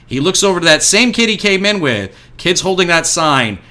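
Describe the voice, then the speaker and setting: A man's voice: high voice, very animated, moderate pace, bright, forceful tone. A man co-hosting a podcast, casually recapping wrestling matches with enthusiasm and easy laughter. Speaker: podcast co-host. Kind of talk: casual wrestling review chat.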